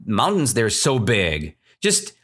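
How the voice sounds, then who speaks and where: A man's voice: lowish voice, slow pace, husky. A man from Russia with a Russian accent, teaching English by telling a story and checking in with "right?" after almost every phrase. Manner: animated, keeps checking in with "right?".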